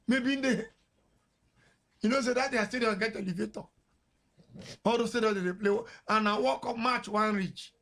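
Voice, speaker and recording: A man's voice: high voice, moderate pace, long pauses, a bit bright. A Nigerian man hosting a radio show, telling a story in a chatty way, mixing pidgin with English and laughing as he goes. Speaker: radio host. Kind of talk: casual storytelling on air. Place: radio studio. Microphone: studio mic.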